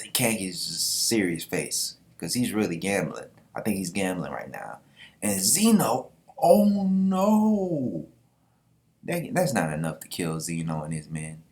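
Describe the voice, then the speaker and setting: A man hosting a casual manga reaction vlog, excited and slangy, swearing freely. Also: on the low side. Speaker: manga reaction channel host.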